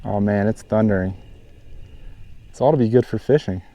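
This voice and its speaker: A man hosting a fishing vlog, chatting casually outdoors by a mountain pond and getting excited over each catch. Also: on the low side, normal speed. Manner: chatty, excited when hooking fish. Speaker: fishing channel host.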